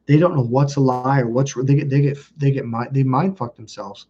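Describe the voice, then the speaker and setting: A man's voice: medium pitch, fairly quick, warm tone. A man in his thirties hosting a livestream, telling a personal story to his chat in a rambling, blunt way, swearing freely. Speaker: livestream host. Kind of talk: casual storytelling to a live chat. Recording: muffled lo-fi stream audio.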